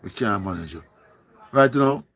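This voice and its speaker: A man's voice: on the low side, expressive, moderate pace, fairly bright tone. Pleading Jamaican man on a live stream. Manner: pleading, repetitive, singsong calls. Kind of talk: casual live-stream talk.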